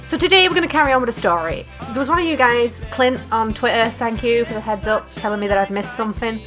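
Young woman doing a lets play, crude jokes and lots of laughing, kinda high voice. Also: lively intonation, fast, few pauses, a bit bright, faint music behind. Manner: crude, jokey, laughs a lot. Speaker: let's play gamer. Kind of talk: casual gameplay commentary.

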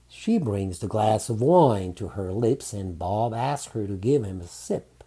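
A man narrating a romantic audiobook in a calm, unhurried reading. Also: on the low side, husky.

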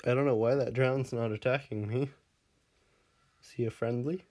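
A man's voice: medium pitch, fairly even intonation, normal speed, a little mellow. A man casually commenting on his game as he plays, laughing often and scolding his pet dog in the game before fussing over him. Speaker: Minecraft let's player.

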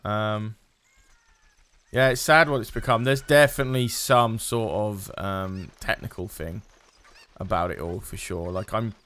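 A man's voice: on the low side, steady tone, unhurried, fairly bright tone. A man streaming a video game, giving casual commentary as he plays, muttering to himself and swearing at the game.

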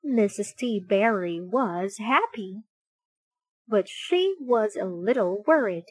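A woman slowly and expressively reading a children's picture book aloud. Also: mid-range voice, husky, no room sound, rough recording. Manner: slow, expressive, deliberate. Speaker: storybook reader.

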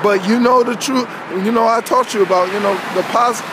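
A man's voice: very high-pitched, brisk. A man giving a casual, conversational sermon, constantly checking in with his listeners as he preaches. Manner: conversational, peppered with "you know what I'm saying". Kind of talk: informal street-style sermon. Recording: outdoor traffic noise behind voice.

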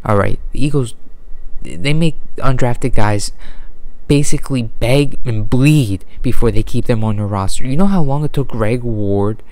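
A man delivering an unedited, exasperated sports rant with frequent sighs, deliberately holding his volume down. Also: medium pitch, darkish tone, no room sound. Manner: exasperated, sighing, ranting. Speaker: sports fan vlogger.

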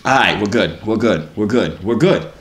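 A man's voice: on the low side, animated, normal speed, echoey room, background noise. A young man hosting a video, bantering and teasing strangers in slangy casual chat. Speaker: video host.

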